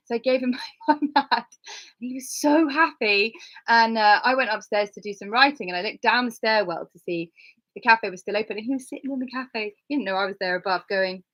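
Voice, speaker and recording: A middle-aged woman from Cornwall, chatting casually about her hiking gear and telling lively stories. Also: fairly quick. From Cornwall, England. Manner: chatty and animated, acts out dialogue in a higher voice. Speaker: hiker and vlogger. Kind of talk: casual gear talk with storytelling. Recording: slightly dull lo-fi sound.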